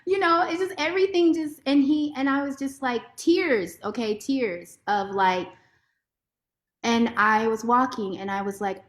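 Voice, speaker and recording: A woman lawyer giving a heartfelt, expressive personal testimony as a podcast guest. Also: fairly high pitch, measured pace. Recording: roomy echo.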